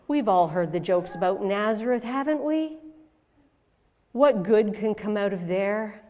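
A woman giving a first-person dramatic monologue as a biblical mother, storytelling expressively and swinging from hushed to loud. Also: mid-range voice, expressive, a little slow. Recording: long reverb in a large hall.

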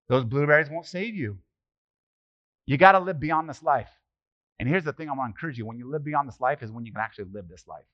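A middle-aged man preaching a casual, conversational sermon as pastor, animated and joking, throwing rhetorical questions at the congregation. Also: mid-range voice. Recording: slightly muffled, dry sermon recording.

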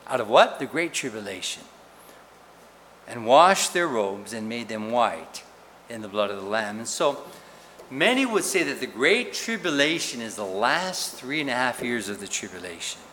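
A man preaching a sermon in an animated, questioning way, often checking in with "right?". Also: medium pitch, normal speed. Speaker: pastor. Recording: reverberant hall with faint noise.

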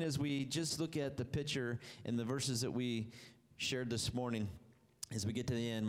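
A man preaching a sermon, telling the story with animated delivery that rises and drops low for emphasis.

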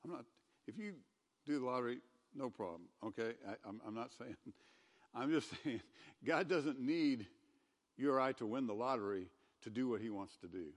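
A man giving a conversational sermon as a pastor, who gets loud and emphatic when he reads scripture aloud. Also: mid-range voice, animated, normal speed, in a large hall. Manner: conversational preaching, rising to loud scripture reading.

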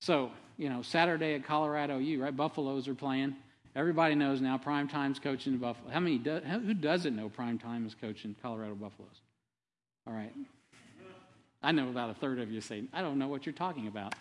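A man's voice: medium pitch, brisk. A man in his fifties preaching a sermon as pastor, talking conversationally with rambling asides and frequent tag questions. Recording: long hall reverb.

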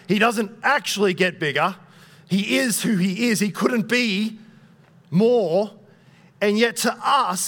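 Young guy preaching, kinda high voice, chatty and joking at himself, lots of ums. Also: fairly bright tone. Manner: conversational, self-deprecating, with fillers. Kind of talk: sermon.

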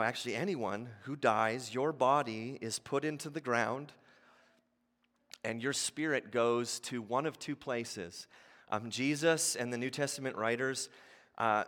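A man preaching a sermon as a pastor, talking conversationally with frequent asides, then building to impassioned near-shouts. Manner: passionate, rising to near shouts at high points. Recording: long hall reverb.

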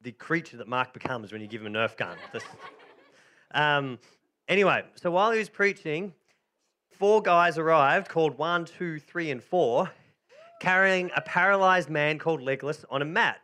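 Bright-voiced, jokey male preacher. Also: fairly high pitch, normal speed. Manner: jokey, chatty, encouraging. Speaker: pastor. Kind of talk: sermon with playful reenactment.

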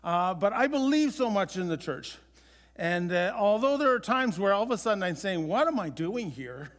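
High-voiced pastor preaching in a reverberant hall. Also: male voice, lively intonation, fairly bright tone. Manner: conversational, with halting restarts. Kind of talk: sermon.

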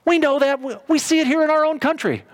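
Middle-aged pastor guy w a high voice, telling the story like a chat. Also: fast talker. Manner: conversational storytelling, acts out brief quotes. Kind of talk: sermon.

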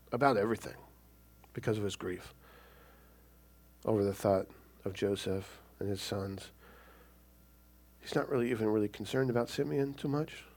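A male pastor preaching a sermon in a conversational way, often checking in with the listeners. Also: medium pitch. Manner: conversational, keeps asking "right?".

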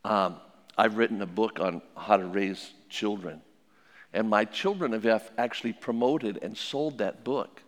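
A man's voice: fairly low pitch, unhurried. An older man, a family counselor, giving plainspoken advice to an audience with stories and repeated maxims. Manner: plainspoken and anecdotal, with many restarts and repeated maxims. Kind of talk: folksy talk with religious advice. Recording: long hall reverb.

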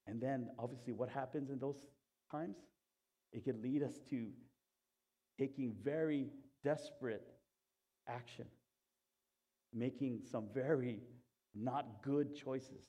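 A man preaching a sermon, telling a story with animation and swinging from loud to hushed, in a conversational way. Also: medium pitch, slow, long pauses, husky, lo-fi sound. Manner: conversational, asks the congregation "Okay?". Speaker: pastor.

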